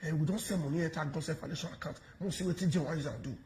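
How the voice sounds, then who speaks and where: A Nigerian man giving mocking, animated commentary in pidgin, taunting and laughing as he talks. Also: on the high side, rapid-fire, a little hiss or hum. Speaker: online commentator.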